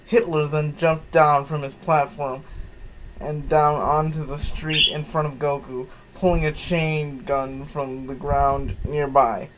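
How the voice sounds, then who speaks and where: A man's voice: fairly high pitch, little pitch movement, slow, background noise. A man giving a mocking dramatic reading of fan fiction, breaking off with incredulous asides. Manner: incredulous asides, sighs and laughs. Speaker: comedic fan-fiction reader.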